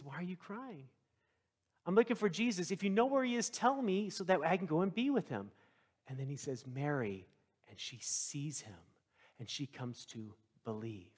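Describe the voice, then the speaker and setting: A male pastor from Texas preaches a sermon, telling its story with lively leaps into the voices of its characters. His voice is high-pitched.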